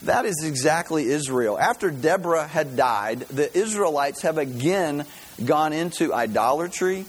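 A man's voice: a little high, expressive, a little slow, breathy edge, rough recording. Folksy man preaching. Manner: folksy, conversational storytelling with jokes. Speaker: pastor. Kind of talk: sermon.

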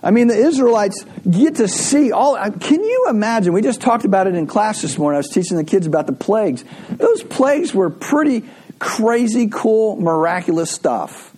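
Husky-voiced pastor preaching with lively pitch. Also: male voice, normal speed. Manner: conversational, animated storytelling with frequent laughs. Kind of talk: sermon.

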